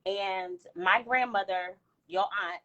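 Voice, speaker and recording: A woman's voice: medium pitch, slow pace, pushed and bright. A woman calling into an online chat, talking frankly and thoughtfully about her own experience. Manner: frank, reflective. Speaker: caller. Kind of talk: casual chat. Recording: dull lo-fi call audio.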